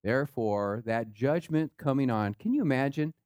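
A man preaching a sermon, swinging between rising rhetorical questions and low, quiet asides. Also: lively intonation, normal speed, clear, resonant tone, no echo. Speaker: pastor.

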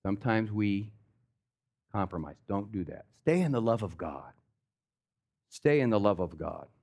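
A man's voice: fairly low pitch, very animated, unhurried, a little mellow. A pastor preaching a sermon, talking casually and with slang, acting out the stories he tells.

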